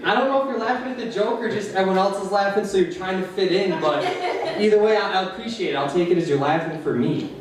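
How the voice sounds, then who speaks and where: Doing stand-up at an open mic in a small cafe, a man with an Upper Midwest American accent rambles through long, self-deprecating jokes punctuated by nervous laughs. He talks fast in a high-pitched voice with hardly any pauses, a crowd audible behind him. The mic is distant, the room very echoey, and a faint hiss runs underneath.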